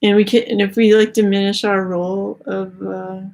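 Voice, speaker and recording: A young woman's mid-range, slightly mellow voice comes at normal speed with flat delivery as she gives a casual spiritual tarot reading. She rambles, peppers her speech with "like," and is a little out of breath.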